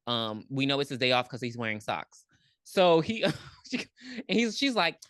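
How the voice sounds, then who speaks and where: A woman's voice: a bass voice, normal speed, no room sound, clean studio sound. A woman co-hosting a podcast, recapping a movie in casual chat and acting out the characters with lots of ums. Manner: animated storytelling, acts out characters, frequent ums. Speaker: podcast co-host.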